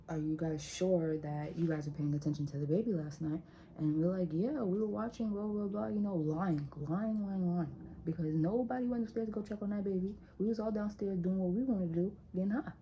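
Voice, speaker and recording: Chatty young woman with a dark voice. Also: fairly low pitch, vocal fry, a little hiss or hum, poor audio. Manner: animated, chatty, talks straight to viewers. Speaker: vlogger. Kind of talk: casual storytime.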